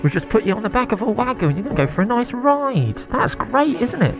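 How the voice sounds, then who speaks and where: A man voicing a smooth male schemer who soothes his captives with false cheer. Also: very high-pitched, sing-song, brisk, over music, pitched above the performer's own voice. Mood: coaxing.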